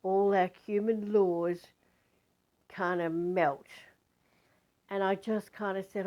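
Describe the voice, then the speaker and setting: A woman's voice: mid-range voice, steady tone, takes it slowly, long pauses, muffled recording. A woman telling a spiritual story in a chatty, rambling way, with many fillers and restarts.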